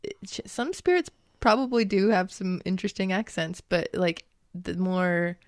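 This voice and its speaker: A woman co-hosting a podcast in casual chat, telling animated stories and laughing often. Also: on the low side, moderate pace, no echo, clean studio sound. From United States. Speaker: podcast co-host and spiritual channeler.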